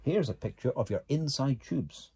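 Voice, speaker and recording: A man's voice: mid-range voice, expressive, moderate pace, gravelly, dark tone, breathy edge, heavily acted. A man reading a storybook voicing a stern, matter-of-fact male dog doctor who lectures firmly. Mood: lecturing. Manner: firm, lecturing. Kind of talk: storybook character voice.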